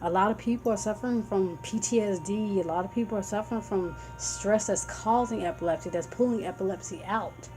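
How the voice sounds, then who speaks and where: A vlogger raising epilepsy awareness talks in a casual, earnest, heartfelt way, rambling a little as she explains warning signs. Her mid-range voice moves fairly quickly with hardly any pauses. The recording is rough, with faint music in the background.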